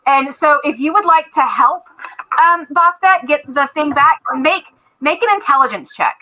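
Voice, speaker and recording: A woman's voice: sits high, lively intonation, normal speed, sharp tone, slight background noise, poor audio. A woman narrating a tabletop game as game master, chatty, with many fillers and restarts.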